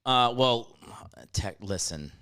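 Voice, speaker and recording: A man guesting on a comedy podcast, tossing out playful deadpan quips in casual banter. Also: medium pitch, slow, smooth, no room sound, studio quality. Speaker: podcast guest, actor and writer.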